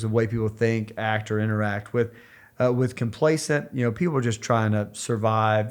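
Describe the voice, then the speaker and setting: Earnest guy co-hosting a church podcast, mid pitch, lots of restarts. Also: darkish tone. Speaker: podcast co-host. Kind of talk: casual podcast talk.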